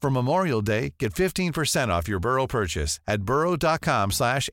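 A male announcer reading a scripted ad with smooth, upbeat energy. His voice moves lively up and down and sits dry and close to the mic. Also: mid-range voice, normal speed, few pauses, no echo. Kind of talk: scripted ad read.

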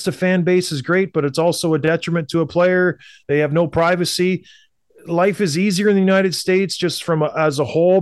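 Man, from Canada, opinionated sports talk, emphatic, repeats himself, fairly high voice. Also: dry recording, studio quality. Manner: blunt, emphatic, repeats points for effect. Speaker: hockey podcast co-host.

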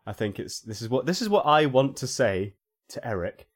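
A man's voice: mid-range voice, big pitch swings, normal speed. A man co-hosting a comedy podcast, hesitant and sheepish, full of ums and restarts. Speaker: podcast co-host. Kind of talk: casual comedic chat.

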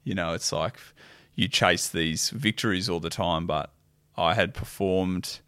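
Male podcast guest, very low voice, relaxed explainer, dry close recording. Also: a little slow, clear, resonant tone, no echo. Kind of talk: casual chat.

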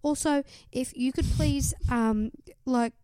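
This is a woman voicing a sincere young woman reading her diary to the universe. She is sweetly earnest and stumbles through fillers. Her voice sits fairly high and sounds dry and close. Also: slow, mellow, clear, resonant tone, no room sound. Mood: earnest hopeful.

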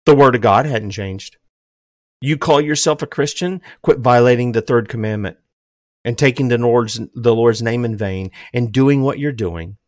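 An older man preaching an impassioned sermon. He swings between loud, emphatic declarations and low, hushed drops, and says he is emotional. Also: moderate pace, dry recording, studio quality.

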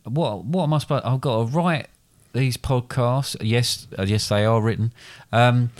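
A man's voice: medium pitch, moderate pace. A middle-aged man co-hosting a casual podcast with his son, joking and rambling through playful asides. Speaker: podcast co-host, the father. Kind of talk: casual chat.

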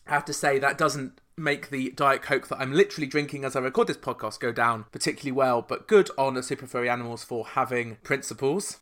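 A man's voice: mid-range voice, a bit bright. A man hosting a chart-history podcast, talking through songs with wry, sarcastic asides. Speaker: podcast host.

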